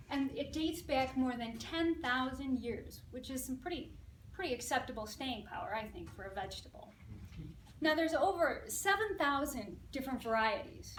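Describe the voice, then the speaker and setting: A woman's voice: sits high, slight background noise. A woman student giving an informative class speech in a chatty, upbeat, jokey manner. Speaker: student speaker. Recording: echoey room from far off.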